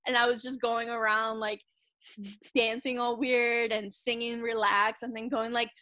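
A woman in her thirties chats casually as a co-host, a little high in pitch. She talks in an animated way, often laughs and acts out what people said. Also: measured pace. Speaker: podcast co-host. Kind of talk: casual chat.

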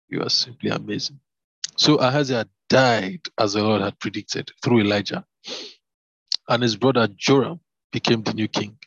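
A man reading scripture aloud, with fervent asides and halting fillers between passages. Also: fairly low pitch, fairly bright tone, no echo. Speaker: Bible reader. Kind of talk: devotional Bible reading with commentary. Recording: dull lo-fi, dry.

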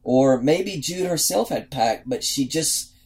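Guy talking thru a book chapter really slowly, lots of uh and you know, mid pitch. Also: animated, a little mellow. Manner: unhurried, musing, many fillers and restarts. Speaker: book club host. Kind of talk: casual book discussion, reading passages aloud.

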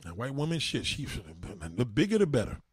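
Husky guy ranting on his show, voice jumps all over, real dry sound. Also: mid-range voice, moderate pace, dry recording. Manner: animated, profane, repeats himself. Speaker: show host. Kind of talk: crude monologue.

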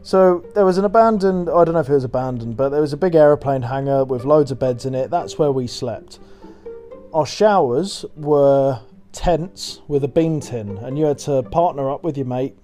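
A young man tells a loose, rambling anecdote, swearing freely and laughing as he goes. His voice is mellow and soft-edged, sitting at an ordinary middle pitch for a man. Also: normal speed, soft background music. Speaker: storyteller. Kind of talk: casual anecdote.

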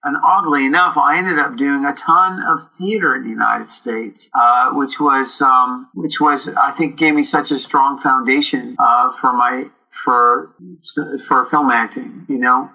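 A man, an actor, telling rambling, animated stories in an interview, with many fillers and restarts. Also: mid-range voice, measured pace, gravelly, dull audio. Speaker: actor, guest. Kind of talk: casual storytelling interview.

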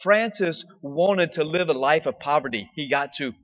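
A man, a diocesan priest, telling a personal story in a chatty, animated way with casual fillers. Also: on the high side, moderate pace. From United States. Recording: dull audio with long hall reverb.

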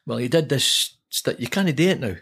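An older man with a Scottish accent, a podcast guest telling an animated, profane anecdote with frequent laughter. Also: medium pitch, moderate pace, slightly rough. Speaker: podcast guest, former player. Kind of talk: casual storytelling.

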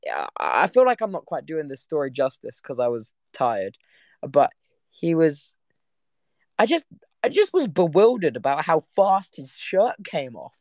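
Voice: medium pitch, sing-song, normal speed, a little mellow, dry recording. A young adult vlogger, telling a story to camera in a giggly, rambling way that trails off mid-sentence.

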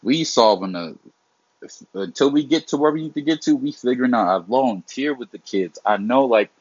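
A man's voice: mid-range voice, animated, moderate pace, dry recording, dull audio. A young man in a heated, profane, rambling monologue, often restarting his sentences. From immigrant family. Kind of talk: casual unscripted monologue.

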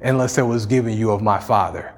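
A man voicing Jesus as calm and unshakable, speaking slowly in a low, laid-back way. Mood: cool, unbothered. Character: calm, unshakable adult male Jesus, cool and unhurried.

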